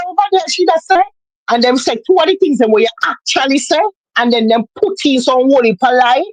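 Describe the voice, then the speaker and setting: A woman's voice: fairly high pitch, dry recording, low-quality recording. A woman with a Jamaican accent chatting casually on a livestream, emphatic and repetitive, as if lecturing.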